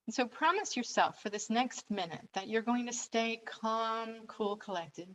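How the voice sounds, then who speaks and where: A woman's voice: fairly high pitch, a little slow, low-quality recording. Woman coach guiding a relaxation exercise. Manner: calm, instructive, leading breathing and stretching.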